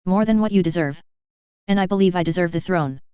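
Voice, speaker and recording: A woman's voice: on the low side, a little fast, clean tone, dry recording, muffled recording, close to an everyday voice. A stern, curt lord, read by a woman. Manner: curt, growling, cold. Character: stern rigid older lord claiming a throne. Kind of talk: fan fiction reading.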